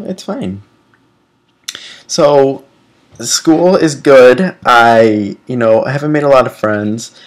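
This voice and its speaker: A man's voice: medium pitch, a little mellow. A young man in his twenties talking candidly in a casual personal vlog, rambling with many fillers and restarts. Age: 20s. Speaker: vlogger.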